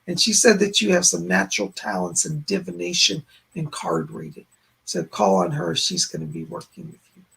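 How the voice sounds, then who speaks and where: A hoarse man hosting a live-stream psychic reading, relaying spirit messages in looping "he said" phrasing and thanking viewers effusively. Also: a little high, big pitch swings, normal speed, a bit bright, slight background noise. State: hoarse, voice giving out. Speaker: psychic medium, stream host.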